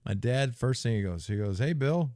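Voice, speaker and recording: A middle-aged man co-hosts a casual podcast in a fairly low voice. He tells stories with energy and jumps up in pitch to mimic people. The sound is close and dry. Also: brisk, darkish tone, smooth, no echo. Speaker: co-host, former football player.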